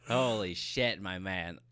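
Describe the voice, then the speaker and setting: Male co-host, reactive, crude, wildly swinging pitch, slow and drawling. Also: background noise. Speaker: podcast co-host. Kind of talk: casual chat.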